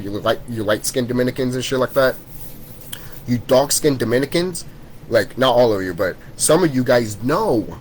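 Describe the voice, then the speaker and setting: A man's voice: mid-range voice, poor audio. Man, vlogger, heated profane rant, repetitive, mid-range voice, faint background noise. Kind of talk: profane spiritual rant to camera.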